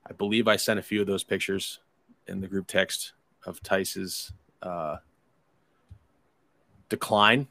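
A man's voice: low voice, fairly even intonation, slow, creaky, pauses often, sharp tone, no echo. A man telling a rambling, profane story in casual chat, acting out his friends' lines. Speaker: podcast host telling a story.

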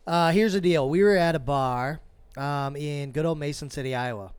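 A man tells a rambling story with a slightly high voice, swearing freely and jumping up loud for the quotes. The sound is dry and close, with no room around it. He talks like a regular on a casual podcast. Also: moderate pace, smooth, no echo. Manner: animated, profane, acts out quotes. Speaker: podcast co-host.

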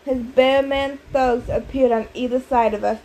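A woman narrating an audiobook in a steady storytelling manner. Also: sits high, normal speed, low-quality recording. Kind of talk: scripted narration.

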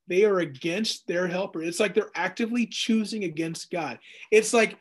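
A man in his thirties teaching verse by verse through scripture in a jokey, animated way, acting out the quotes. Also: high-pitched, normal speed. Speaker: Bible teacher.

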